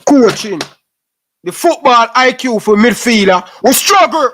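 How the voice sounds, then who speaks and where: High-pitched Jamaican man, scolding rant. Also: animated, a little slow, a bit bright. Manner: preachy, repetitive, scolding in patois. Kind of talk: impassioned rant.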